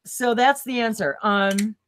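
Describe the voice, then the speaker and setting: A woman co-hosting a live spiritual stream, talking casually over a video call, rambling and cutting herself off with quick laughs. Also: a little high, steady tone, a bit bright, slight background noise.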